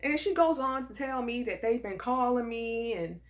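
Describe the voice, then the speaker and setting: A woman telling a personal story in a casual, animated and emphatic way, full of sass. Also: a little high, moderate pace. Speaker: storyteller vlogger.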